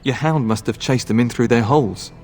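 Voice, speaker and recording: A man's voice: medium pitch, fairly quick, loud music behind the voice, natural voice. Man voicing a courteous young castle knight. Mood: formal. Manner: formal, courteous. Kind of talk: fan voice acting over a game.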